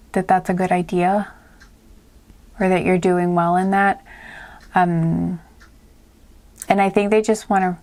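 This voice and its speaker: A woman giving a casual spoken tarot reading, soft and hesitant, with many fillers and restarts. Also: on the low side. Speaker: tarot reader.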